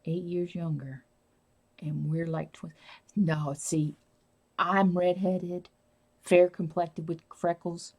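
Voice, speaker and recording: A woman's voice: lowish voice, flat delivery, slow, long pauses, darkish tone. A woman hosting a casual live stream, rambling and answering viewer comments as she talks.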